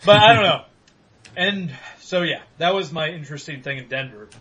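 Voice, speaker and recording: A man's voice: a little high, moderate pace, bright, forceful tone, lo-fi sound. A young man hosting a podcast, telling rambling, profane stories in casual chat with bursts of laughter. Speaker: podcast host.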